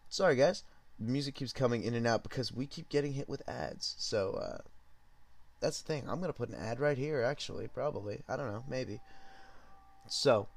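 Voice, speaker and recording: A young man hosting a podcast, telling a story in a rambling, profane, laid-back way while high. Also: moderate pace, creaky. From Southern California. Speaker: podcast host. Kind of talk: casual storytelling.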